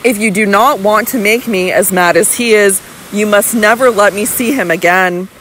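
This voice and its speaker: A woman's voice: medium pitch, a bit bright, a little hiss or hum, close to an everyday voice, rough recording. A woman voicing a young lady who argues her case earnestly and coaxes her husband tenderly. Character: scheming young lady, frightened yet persuasive.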